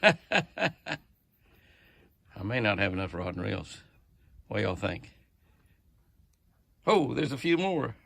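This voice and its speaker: A man's voice: on the low side, big pitch swings, takes it slowly, creaky, long pauses, a bit bright. A man hosting an outdoor ranch vlog, chatting easily, laughing often and cooing at the deer he feeds. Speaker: ranch owner and channel host. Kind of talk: casual outdoor vlog narration.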